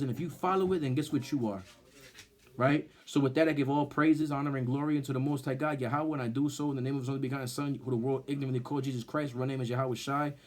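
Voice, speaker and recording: A man teaching scripture with blunt, fiery emphasis. His voice sits at an ordinary middle pitch, and he climbs louder and higher when he gets heated. He keeps tossing in "right?" and tripping over repeated words. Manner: grows loud and high when heated. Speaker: street-style Bible teacher.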